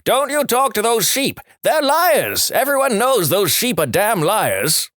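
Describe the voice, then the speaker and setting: An excitable old farmer in a joke, his voice jumping up high with shock and indignation, as a narrator puts him on. He exclaims in a strained, squeaky way. The sound is dry and close. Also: unhurried, no room sound, exaggerated voice. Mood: outraged.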